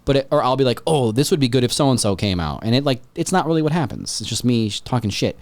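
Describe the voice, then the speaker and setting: A man hosting a podcast in casual chat, rambling and excitable, swearing freely. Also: medium pitch, quick pace, dry recording. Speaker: podcast host.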